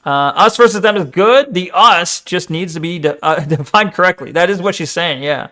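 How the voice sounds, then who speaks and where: A male streamer with a high, bright voice chats casually while reacting to a video, at a moderate pace. He swears and laughs freely, and stumbles into stammers whenever he gets excited.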